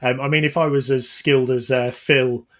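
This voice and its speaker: A man's voice: medium pitch, fairly even intonation, normal speed, a little hiss or hum. A man hosting a podcast, telling anecdotes in a casual, rambling way with lots of ums and restarts. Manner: rambling anecdotal storytelling with many fillers. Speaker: podcast host.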